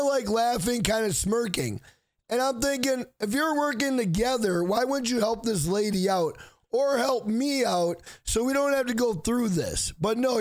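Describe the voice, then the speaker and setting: A man, hosting an exasperated storytime vlog about a bad fast-food visit. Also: extremely high pitch. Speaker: channel host.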